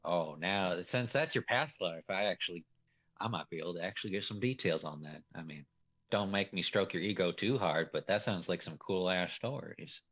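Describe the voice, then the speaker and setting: A man's voice: deep voice, normal speed, a bit bright, muffled recording. A man running a tabletop role-play as game master, talking in a loose, rambling way and laughing often.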